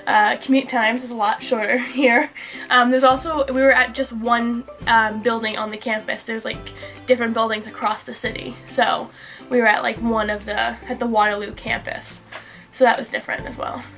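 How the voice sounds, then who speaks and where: Young American female student, bright voice, casual and laid-back. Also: fairly high pitch, little pitch movement, moderate pace, soft background music. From United States. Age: young adult. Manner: easygoing, laughs often, rambling with fillers. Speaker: university student. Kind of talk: casual chat.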